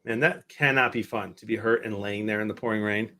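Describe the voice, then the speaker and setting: A man's voice: lowish voice, steady tone, a little fast, bright, forceful tone. A man co-hosting a casual live sports stream, easygoing and laughing as he reads things out. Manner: easygoing, laughs while reading aloud.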